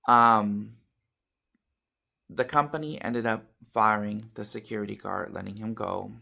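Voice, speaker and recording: Gravelly-voiced man telling a story. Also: on the low side, a little slow. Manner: animated storytelling, shifting loud and soft; uses fillers like "you know" and "okay". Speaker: vlogger. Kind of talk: casual talk to camera.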